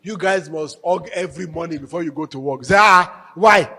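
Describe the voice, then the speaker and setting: A man giving a marriage workshop talk to a live audience, telling stories with animated, emphatic repetition. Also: a little high, quick pace, gravelly, husky. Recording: echoey hall with long reverb.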